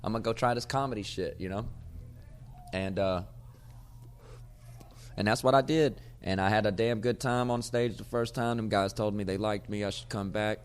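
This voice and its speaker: Low-voiced comedian guy rambling through a story, cussing a lot, gets loud and animated. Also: normal speed, long pauses, smooth. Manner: profane, animated storyteller who gets loud acting out arguments. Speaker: podcast host, comedian. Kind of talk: casual storytelling monologue.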